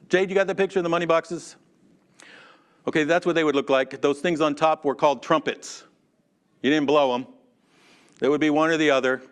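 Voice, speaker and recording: A man teaching a Sunday school class in a church, chatty and animated, calling on class members by name. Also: a little high, smooth. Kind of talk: conversational sermon.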